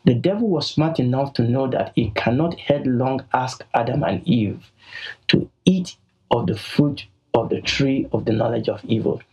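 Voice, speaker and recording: A Nigerian man and podcast host giving an emphatic Bible teaching, slowing down to stress key words, on a poor-quality recording. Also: medium pitch, lively intonation, a little mellow, breathy edge.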